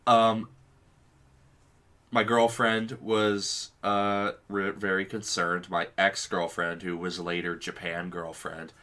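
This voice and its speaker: A man's voice: low voice, level tone, slow pace, pushed and bright. A man co-hosting a podcast, telling a story with lots of swearing and acted quotes in casual chat. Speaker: podcast co-host.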